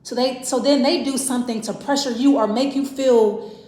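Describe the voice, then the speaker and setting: Woman tarot reader, casual and rambling, higher voice, roomy echo. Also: steady tone, moderate pace, dark tone. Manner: rambling, thinking aloud with restarts and self-repeats. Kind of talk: casual tarot reading to camera. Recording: echoey room.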